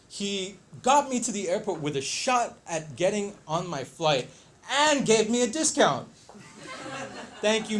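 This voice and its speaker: A man telling a story on stage, lively, acting out the voices and laughing along. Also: a little high. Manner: animated, acts out quotes, laughs along. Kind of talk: live storytelling performance.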